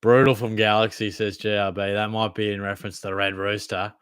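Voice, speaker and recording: A man's voice: on the low side, level tone, brisk, a bit bright, smooth, no room sound, clean studio sound. A young Australian man hosting a casual livestream Q&A, reading out chat questions in a laid-back, blokey way, calling everyone mate and swearing freely. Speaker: fantasy football livestream host.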